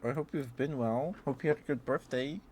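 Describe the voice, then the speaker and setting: A man streaming ASMR from home, chatting softly and giggling as he greets viewers by name, close to the mic. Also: medium pitch, brisk, a little hiss or hum. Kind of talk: soft-spoken ASMR live stream chat.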